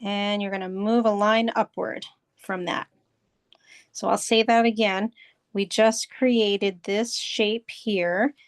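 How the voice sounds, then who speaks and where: A woman's voice: medium pitch, steady tone, takes it slowly, no echo, clean studio sound. A woman art instructor leading a step-by-step drawing lesson, patiently walking through and repeating each step. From United States.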